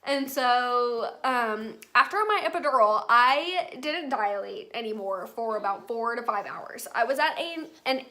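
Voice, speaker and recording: A woman's voice: fairly high pitch, lively intonation, a little slow, hardly any pauses, sharp tone. A young woman, chatting to her viewers as she tells a personal story in a casual vlog. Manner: chatty, addresses viewers as y'all. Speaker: vlogger.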